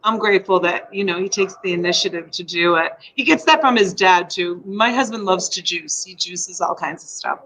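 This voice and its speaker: A woman's voice: lowish voice, animated, moderate pace, hardly any pauses, a bit bright, poor audio. Woman host, middle-aged, rambling and effusive, home live stream. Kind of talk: casual live-stream chat. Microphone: USB desk mic.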